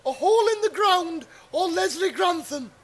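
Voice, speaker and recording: A man's voice: very high-pitched, lively intonation, moderate pace, pitched above the performer's own voice. A man playing an over-eager, fussy middle-aged game show host with bouncy presenter patter. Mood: chirpy.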